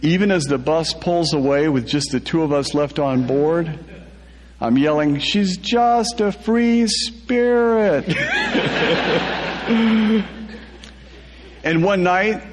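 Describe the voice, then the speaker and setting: A man's voice: on the high side, darkish tone, in a large hall. A man reading a first-person story aloud, laughing through the telling.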